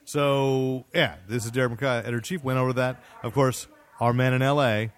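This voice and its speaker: A man hosting a casual podcast from a bar and grill, with wry, quick comebacks. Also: mid-range voice, steady tone, clean tone. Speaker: podcast host.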